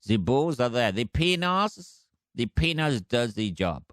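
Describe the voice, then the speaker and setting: A man's voice: medium pitch, big pitch swings, a bit bright, no echo, clean studio sound. A man putting on a smug drawling French bulldog. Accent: mock French. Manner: slow, drawling boasts. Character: smug male French bulldog, proud and lazy.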